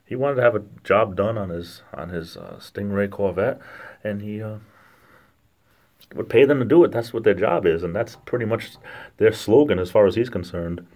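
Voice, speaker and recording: Deep-voiced Rhode Island man chatting. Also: a little mellow. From lower New England, Rhode Island–Massachusetts border. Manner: rambling, joking, halting with fillers and restarts. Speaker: livestream host reading chat. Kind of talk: casual livestream chat.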